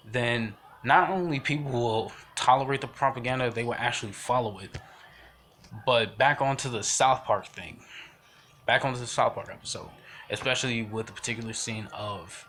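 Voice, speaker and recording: A man's voice: mid-range voice, a bit bright, a little hiss or hum. A young man giving rambling, emphatic spoken commentary with many fillers and restarts. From United States.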